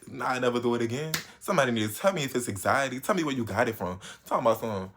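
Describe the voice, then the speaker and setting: A man in his late teens telling a casual storytime vlog, slangy and animated, with sudden jumps in pitch and loudness. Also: rapid-fire, few pauses, a little hiss or hum. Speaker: vlogger.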